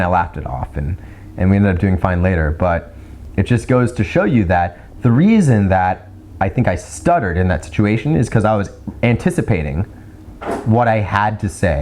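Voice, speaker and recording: A man hosting a video, giving casual advice on speaking clearly, chatty and full of restarts, sometimes slowing into a deliberate rhythmic delivery. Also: on the low side, darkish tone, slight background noise. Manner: chatty, repeats words, demonstrates slow rhythmic delivery. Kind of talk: casual teaching monologue.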